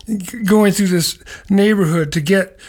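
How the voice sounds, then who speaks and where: A man's voice: high voice, measured pace, darkish tone. Middle-aged male host, folksy and meandering, chuckles through his own stories. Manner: rambling, folksy, chuckling asides. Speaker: radio show host. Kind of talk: casual spoken nature segment.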